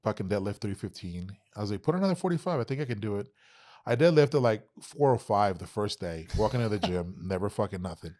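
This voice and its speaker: A man's voice: lowish voice, brisk. A man in his thirties from Texas, a podcast guest telling stories in casual talk, swearing a lot and acting out what people said. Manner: animated, heavy swearing, acts out quoted exchanges. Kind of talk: casual interview storytelling.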